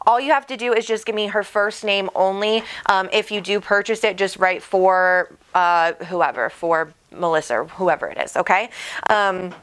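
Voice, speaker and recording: Woman host, chatty livestream, bubbly and warm toward viewers, home mic. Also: mid-range voice, moderate pace, clean tone. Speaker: psychic medium host. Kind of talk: casual livestream chat. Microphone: desk microphone.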